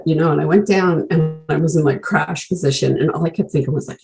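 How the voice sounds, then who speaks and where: A woman's voice: low voice, a little fast, gravelly, warm tone, faint music behind, rough recording. A woman candidly telling her own recovery story over a video call, blunt and profane, full of "like" fillers. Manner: blunt, swears freely, leans on "like" fillers.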